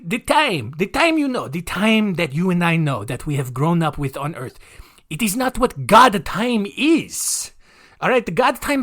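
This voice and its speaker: A man voicing a bossy male cult leader who explains away his mistakes, in a vague put-on accent, halting and repetitive. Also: sits high, fairly bright tone, pitched above the performer's own voice.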